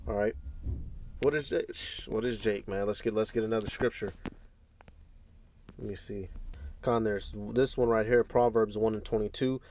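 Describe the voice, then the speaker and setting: A man's voice: lowish voice, fairly even intonation, normal speed, long pauses, darkish tone, slight background noise. Laid-back chuckling male commentator. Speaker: host. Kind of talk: casual reaction commentary.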